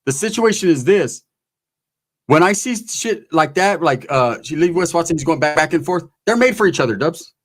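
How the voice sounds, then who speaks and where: A man's voice: a little high, animated, moderate pace. A man co-hosting a live-stream chat, joking around and swearing casually. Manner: joking, profane, easygoing. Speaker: co-host.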